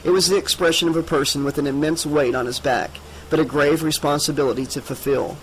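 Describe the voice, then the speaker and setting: A man reading an unabridged horror audiobook in a steady, measured way. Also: fairly high pitch, slight background noise, rough recording. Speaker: audiobook narrator. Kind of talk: audiobook narration.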